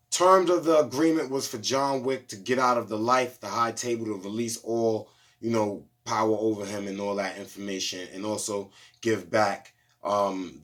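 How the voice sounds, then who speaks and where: A man giving a loose, slangy movie review, retelling the plot in a casual storytelling way. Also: fairly low pitch. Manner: loose slangy storytelling, lots of "you know what I'm saying".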